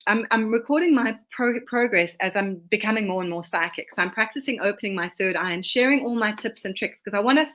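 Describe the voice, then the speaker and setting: This is a woman with a South African accent, a guest on a casual podcast. She talks with excitement and rambles, often restarting her sentences. Her voice sits at a middle pitch. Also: fast talker, hardly any pauses. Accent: South African, Johannesburg. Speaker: guest, oracle deck author.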